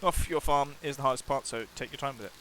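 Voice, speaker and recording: A man's voice: medium pitch, fast talker, pushed and bright, slight background noise. A man streaming a video game, chatting playfully and reading the game's text aloud, often restarting his sentences.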